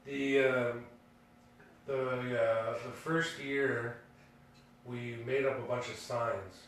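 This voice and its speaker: A man's voice: medium pitch, steady tone, slow, a bit bright, slight background noise. Rambling man in echoey room. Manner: rambling, full of fillers and restarts, laughing at his own story. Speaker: podcast co-host. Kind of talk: casual storytelling. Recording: echoey room, distant mic.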